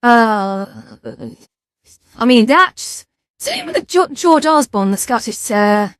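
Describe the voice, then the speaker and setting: A woman's voice: a little high, wildly swooping pitch, slow pace, no room sound, studio quality. Chatty woman streaming in VR. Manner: chatty, self-mocking, swears lightly. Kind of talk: casual live-stream chat.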